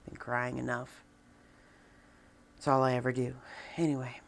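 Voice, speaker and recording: A woman in her forties talking to a camera, venting in a halting, downcast way with many restarts. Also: extremely low pitch, fairly even intonation, creaky, a little hiss or hum. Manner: subdued and downcast. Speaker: vlogger. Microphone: camera with a person filming.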